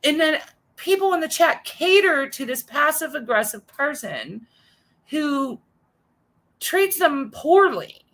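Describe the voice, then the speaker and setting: A woman with a high voice and a gravelly, fry-laced edge rants in a casual chat. She sounds exasperated as she tells a long complaint to a friend. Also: very animated, takes it slowly, fairly bright tone, poor audio. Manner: ranting, exasperated storytelling with mocking mimicry. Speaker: co-host.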